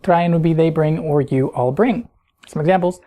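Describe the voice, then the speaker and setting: Woman teacher, low mellow voice, patient explainer who quizzes the listener. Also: moderate pace. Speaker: Spanish teacher. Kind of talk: recorded grammar lesson.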